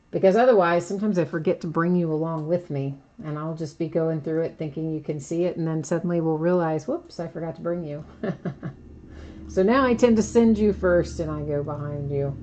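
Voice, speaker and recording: A woman's voice: on the low side, a little mellow. A woman hosting a trading card break, talking through each step in a chatty way with dry sarcastic asides. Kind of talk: casual live commentary. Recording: dull lo-fi home recording.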